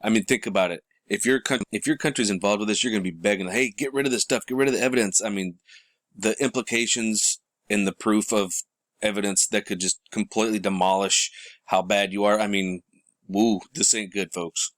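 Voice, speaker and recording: A man's voice: on the low side, steady tone, normal speed, fairly bright tone, no room sound, studio quality. A man hosting a rambling commentary show, talking casually to his viewers and calling them folks.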